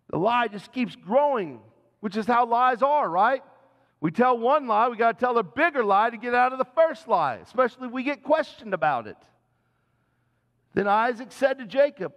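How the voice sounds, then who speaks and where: High-voiced man preaching in a reverberant church. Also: lively intonation, moderate pace, lo-fi sound. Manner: earnest, conversational preaching with direct questions to the congregation. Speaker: senior pastor. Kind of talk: sermon. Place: church sanctuary.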